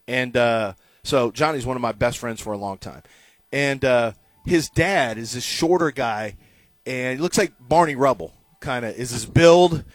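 A middle-aged man hosting a sports talk show, telling stories casually and growing loud when he quotes himself. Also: mid-range voice, measured pace, no room sound. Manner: animated storyteller, loud when quoting himself. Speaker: radio sports show host.

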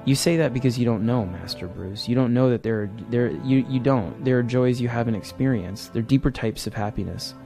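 A man reading aloud a loyal, formal older butler who gently chides his young master. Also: mid-range voice, brisk, vocal fry, few pauses, faint music behind, close to an everyday voice. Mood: earnest. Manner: formal, calls him sir. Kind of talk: reading a comic script aloud.

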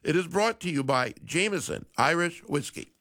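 A man's voice: fairly high pitch, expressive, normal speed, sharp tone. A middle-aged man hosting a sports talk show, chatting casually and wryly, sometimes correcting himself mid-sentence. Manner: chatty, self-correcting, wry. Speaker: sports radio host.

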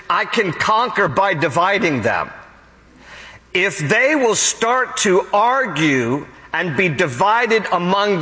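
A male pastor preaching a sermon, animated, acting out the people he quotes. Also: high voice, long reverb tail, poor audio.

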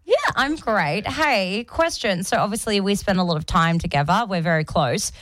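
A woman, hosting a radio show in casual, animated banter. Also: medium pitch, normal speed, no room sound. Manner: animated, laughs often. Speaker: radio host.

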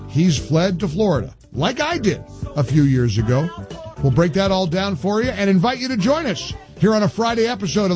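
A man's voice: fairly high pitch, darkish tone. A man hosting a talk radio show in a studio, delivering an indignant, emphatic monologue full of restarts.

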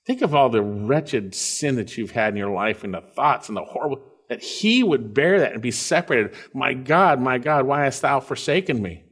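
A man preaching an earnest sermon, reading scripture aloud and explaining it, rising on key phrases and dropping quiet to stress others. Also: mid-range voice, expressive, normal speed, hardly any pauses, husky. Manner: earnest, swells loud on key phrases then drops quiet.

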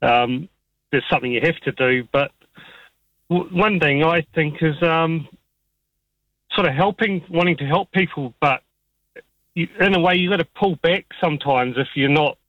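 A man, calling in to talkback radio, speaking in a halting, hesitant way. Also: fairly high pitch, no room sound. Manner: halting, hesitant, searching for words. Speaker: caller. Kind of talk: talkback call-in chat. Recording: dull phone line.

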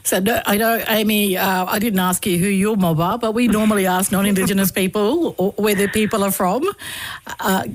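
A woman's voice: medium pitch, steady tone, moderate pace, no room sound. A woman hosting a radio interview, asking friendly conversational questions. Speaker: radio host.

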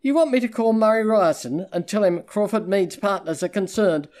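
A man reading the lines of a sharp-tongued female private investigator in an audiobook, cutting and sarcastic. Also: high-pitched, moderate pace, voice pushed up, close to an everyday voice.

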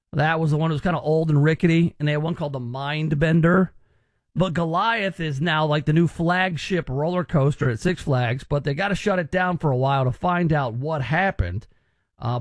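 Chatty high-voiced male radio host. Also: no echo, clean studio sound. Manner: chatty, joking, rambling asides. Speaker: radio talk show host. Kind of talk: casual radio show chat.

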